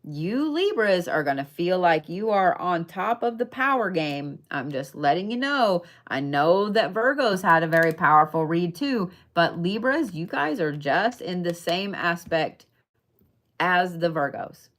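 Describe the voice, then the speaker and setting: Speaking at a measured pace, this young woman's lowish, slightly bright voice stays animated through a chatty tarot and zodiac reading. Emphatic and casually profane, she checks with her listeners often, asking "okay?"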